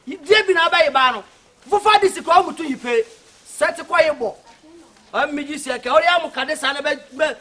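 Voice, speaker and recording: A man playing a loud, bossy charcoal seller with a Ghanaian accent, haggling in rapid banter, recorded outdoors from a distance. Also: extremely high pitch.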